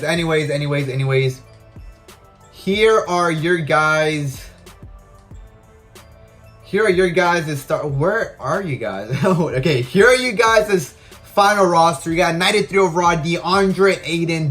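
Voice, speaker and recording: Slangy young man, slightly high voice. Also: a bit bright. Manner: casual slangy talk, frustrated rants. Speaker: gaming YouTuber. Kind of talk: casual gameplay commentary.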